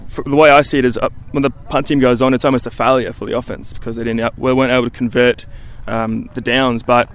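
Young australian man, smooth clear voice, easygoing halting talk, radio guest. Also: mid-range voice, little pitch movement. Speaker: college football punter, guest. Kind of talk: phone-in interview.

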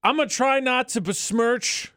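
A man's voice: very high voice, normal speed, pushed and bright, clear, resonant tone, no echo, studio quality. A man co-hosting a radio show, bantering casually and laughing often. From not from Utah.

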